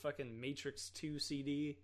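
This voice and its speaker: Young male co-host, animated storyteller, slightly high voice. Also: a little slow. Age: 20s. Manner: animated storyteller, acts out other people's voices. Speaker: podcast co-host. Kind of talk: casual chat.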